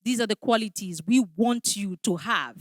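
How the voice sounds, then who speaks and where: A woman's voice: mid-range voice, moderate pace, dry recording. A woman teaching a customer service training class, speaking emphatically and often checking in with "all right?". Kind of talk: training lecture.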